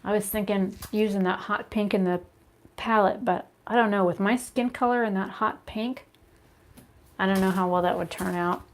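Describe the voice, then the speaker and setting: A woman chatting to a phone camera at home, rambling and animated as she tells stories between makeup steps. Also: mid-range voice, moderate pace. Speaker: beauty vlogger. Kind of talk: casual chat while doing makeup. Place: her home, indoors. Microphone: phone camera at arm's length.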